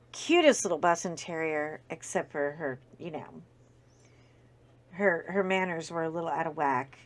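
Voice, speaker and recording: A woman hosting a casual crafting video, telling an anecdote with many fillers and acted-out quotes. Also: medium pitch. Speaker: video host. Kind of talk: casual storytelling while diamond painting.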